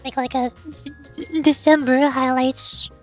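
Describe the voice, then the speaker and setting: A young woman chats on a stream in a high, light voice. She rambles, giggles often and trips over her words, and faint music plays behind her. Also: level tone, unhurried. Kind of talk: casual stream chat.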